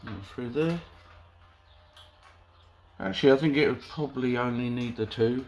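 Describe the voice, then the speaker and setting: The sound quality is poor on this clip of a man welding a pickup in his garage. Speaking at normal speed in a mid-range, slightly mellow voice, he chats to the camera in a relaxed way and mutters to his work.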